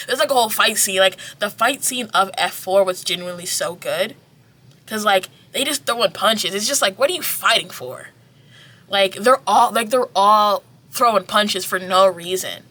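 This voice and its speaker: Young woman vlogger, bright voice, animated and loose, swears freely, re-enacts scenes while recapping. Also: mid-range voice, a little slow, pauses often. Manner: animated, acts out scenes, swears, heavy filler "like". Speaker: vlogger reviewing a TV drama. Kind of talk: casual review chat.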